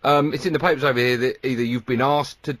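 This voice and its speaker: A man's voice: mid-range voice, steady tone, fast talker, a bit bright, no room sound. An English man hosting a radio show, asking questions in a teasing, easygoing way and laughing easily. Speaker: radio host. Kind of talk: casual radio interview. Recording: dry radio studio.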